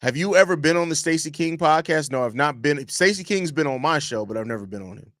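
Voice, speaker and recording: A podcast host streams a casual sports show live from home, speaking loosely into a desk mic, repeating phrases and reading chat questions aloud. His voice is slightly high and a bit bright, with lively intonation and a quick pace. The recording is dry and studio quality.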